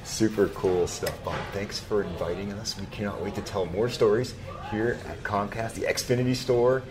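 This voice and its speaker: A man co-hosting a talk show from a store, enthusiastic and quick, laughing often. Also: on the low side, fairly even intonation. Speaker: radio show co-host. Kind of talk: lively casual chat. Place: busy retail store. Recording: busy store crowd noise. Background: crowd chatter.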